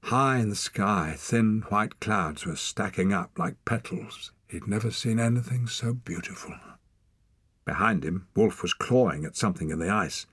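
Husky, low-voiced male audiobook narrator. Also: unhurried, dry recording. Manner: expressive, storytelling.

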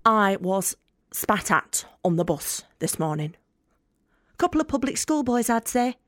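A mouthy, angry young working-class student with a Northern English accent in a radio play. She is sardonic and blunt, and she swears freely. Her voice sits at a middle pitch, recorded dry and close. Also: big pitch swings, measured pace, a bit bright, no room sound. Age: young adult. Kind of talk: radio drama monologue.

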